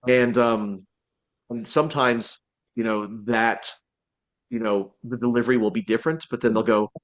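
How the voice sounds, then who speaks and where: A man's voice: mid-range voice, moderate pace. Rambling man voice actor chatting. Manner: rambling, many restarts and fillers, animated quotes. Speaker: voice actor guest. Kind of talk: casual interview chat.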